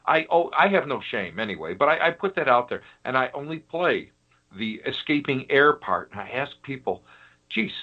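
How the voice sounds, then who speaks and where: A man's voice: medium pitch, very animated, moderate pace. A man from Western New York, a guest telling a funny story on a podcast, laughing as he goes. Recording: dull lo-fi audio.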